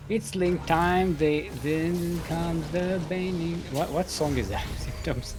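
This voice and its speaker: A man's voice: on the high side, slow, darkish tone, soft background music. A man casting a live strategy game tournament, giving running commentary in a goofy, playful way and laughing at his own jokes. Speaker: esports caster.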